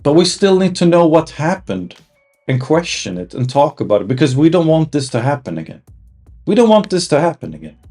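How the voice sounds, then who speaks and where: A man's voice: on the low side, a little mellow. A man giving a casual, heated opinion monologue, rambling with many restarts and fillers. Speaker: commentator.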